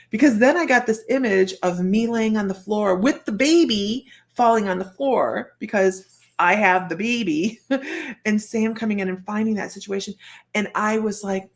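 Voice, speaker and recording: An older woman, a psychic medium, telling a personal story in a chatty, animated way with frequent laughter. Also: a little high, moderate pace. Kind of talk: storytelling monologue.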